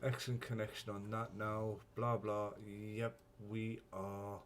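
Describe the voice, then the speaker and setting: A man's voice: lowish voice, level tone, a little slow, slight background noise. A man hosting a casual live stream, rambling and chatty, swearing when flustered.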